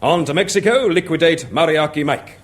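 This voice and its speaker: A man's voice: on the high side, brisk, natural voice. A man playing a commanding spymaster who hands out assignments in a 1960s radio comedy sketch. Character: brisk male spymaster, the hero's superior.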